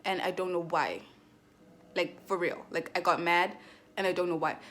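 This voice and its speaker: A woman's voice: on the low side, normal speed, fairly bright tone, slight background noise. A young woman from Southern Africa telling a rambling storytime in casual slang, with lots of "like". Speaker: vlogger.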